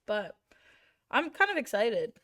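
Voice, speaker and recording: A woman's voice: on the high side, sing-song, unhurried, fairly bright tone. A woman who coaches volleyball, chatting in an easygoing way with frequent fillers. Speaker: volleyball coach, podcast co-host. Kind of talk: casual chat.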